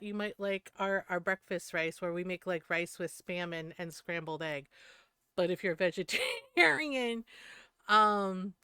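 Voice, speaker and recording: A woman's voice: mid-range voice, pushed and bright, clear, resonant tone, no room sound. Fifties woman streamer, chatty storyteller who laughs a lot, dry clean mic. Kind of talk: casual chat while gaming.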